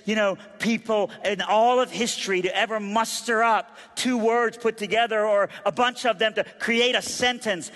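A man with a high-pitched voice delivers a sermon in a large church. He rises to loud, pressing emphasis and drops to hushed intensity, with playful asides to the crowd. The long reverb of the hall trails behind his words. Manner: humorous asides to the audience. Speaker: preacher.

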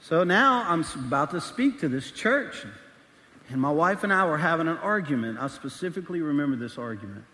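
A middle-aged man preaching a sermon as a pastor, telling a personal story candidly and acting out the voices in quick bursts. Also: fairly high pitch, animated, pushed and bright. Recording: large hall reverb.

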